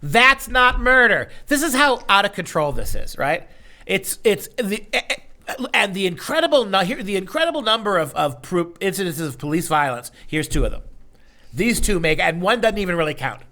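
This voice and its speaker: Male host with a bright, higher-than-usual voice and a sarcastic, mock-serious delivery for opinion talk. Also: big pitch swings, normal speed. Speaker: show host and education lecturer. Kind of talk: casual opinion talk show banter.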